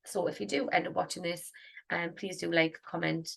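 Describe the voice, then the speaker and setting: Gravelly, husky woman. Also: fairly low pitch, fairly even intonation, moderate pace, fairly bright tone, rough recording. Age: 30s. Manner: rambling, thinking aloud with many ums. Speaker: singer vlogging. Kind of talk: casual reflective vlog.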